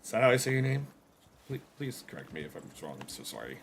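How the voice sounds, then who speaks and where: Fast and very animated, a man at medium pitch speaks with vocal fry over slight background noise. He is streaming a survival game and chatting casually with viewers, rambling along with self-mocking jokes and quips to chat.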